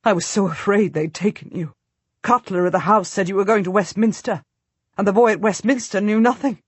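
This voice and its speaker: A woman voicing a hushed, husky noble husband. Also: mid-range voice, fairly quick, no echo, lightly acted. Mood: relieved. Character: anxious devoted noble husband, a knight. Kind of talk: audiobook character voice.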